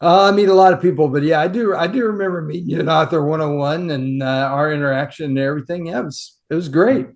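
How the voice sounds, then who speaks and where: Friendly higher-voiced man, interview guest. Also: quick pace, few pauses. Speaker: guest author and editor. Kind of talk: casual interview.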